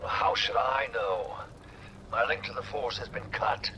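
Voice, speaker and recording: A man's voice: mid-range voice, unhurried, background noise, natural voice. A man playing a stern older mentor warrior. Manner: curt, commanding. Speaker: game character.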